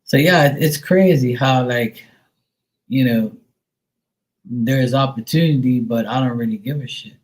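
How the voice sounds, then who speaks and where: A man's voice: medium pitch, a little slow, long pauses, darkish tone, low-quality recording. Middle-aged male streamer, casual profane storyteller, heavy on fillers. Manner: mimics others in a raised voice. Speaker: live stream host.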